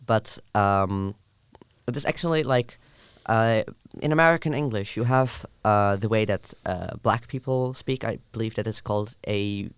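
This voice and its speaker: A young man from the southern Netherlands, Dutch his first language, explaining things carefully in casual podcast chat with many pauses. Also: lowish voice, clear, resonant tone, no room sound. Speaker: podcast guest.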